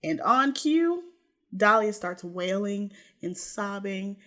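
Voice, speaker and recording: A woman co-hosting a podcast, narrating a true crime story with lively, playful asides. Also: mid-range voice, takes it slowly. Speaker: podcast co-host.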